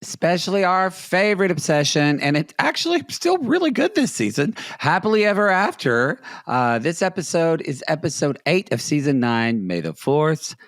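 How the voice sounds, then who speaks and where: A sarcastic man co-hosting a casual comedy podcast, his pitch swinging widely as he talks. The sound is dry and close, with a faint hint of music underneath. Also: very animated, normal speed, hardly any pauses, fairly bright tone, dry recording. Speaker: podcast co-host.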